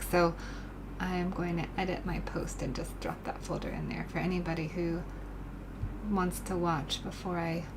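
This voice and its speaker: Painting in her home art studio, a woman artist chats softly with her live-stream viewers and becomes gushing and grateful when they praise her work. Her voice sits on the low side, and the background is noisy.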